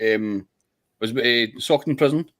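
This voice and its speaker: A man's voice: mid-range voice, moderate pace, fairly bright tone. A man hosting a casual podcast interview, prompting his guest with hesitant fillers. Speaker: podcast host.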